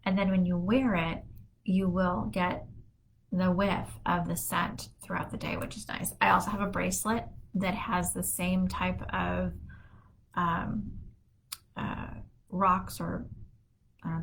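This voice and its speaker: Middle-aged woman, wellness host, easygoing rambling delivery, low-ish voice, home office. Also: takes it slowly, gravelly, low-quality recording. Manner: relaxed, rambling, many fillers. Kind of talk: casual solo talk.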